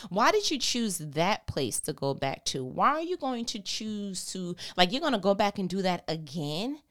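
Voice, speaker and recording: A woman hosting a faith podcast, reading a Bible passage and then riffing on it in a playful, slangy, animated way. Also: mid-range voice, moderate pace. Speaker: podcast host. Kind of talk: Bible reading and casual commentary.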